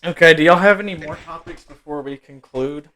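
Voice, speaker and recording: A young man with a slightly higher-than-usual voice, hosting a casual podcast. He talks in loose, slangy phrases and breaks into laughter often. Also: brisk, sharp tone. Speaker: podcast host. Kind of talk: casual chat.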